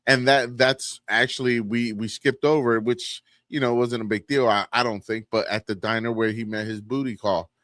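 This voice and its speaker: A man's voice: mid-range voice, fairly even intonation, moderate pace, few pauses, a bit bright, no room sound, studio quality. A man co-hosting a podcast, talking casually and emphatically, with joking asides. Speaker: podcast co-host. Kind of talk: casual review chat.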